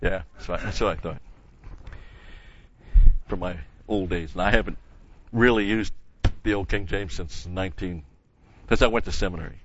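A man's voice: sits low, moderate pace, long pauses, dull audio, a little hiss or hum. An older man teaching a Bible passage verse by verse in a conversational way, stopping to correct himself and leaning hard on key words.

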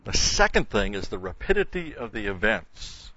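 An older man with a lowish, pushed and bright voice lectures on the Bible in a sing-song way at a moderate pace. He explains word meanings and digresses into folksy tales with chuckles, heard through a muffled lo-fi recording.

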